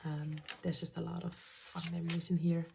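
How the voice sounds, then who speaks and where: Soft-spoken woman with a gravelly low voice. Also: little pitch movement, moderate pace, noisy background. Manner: soft-spoken, gentle, slips into quiet whispers. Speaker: journaling channel host. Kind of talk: casual vlog talk.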